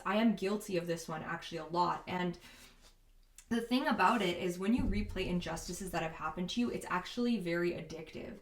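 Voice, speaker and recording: Female host, lower-pitched, casual and candid self-help delivery, echoey room. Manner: casual and candid, frequent "like" and "you know". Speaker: podcast host. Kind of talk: reflective self-help talk.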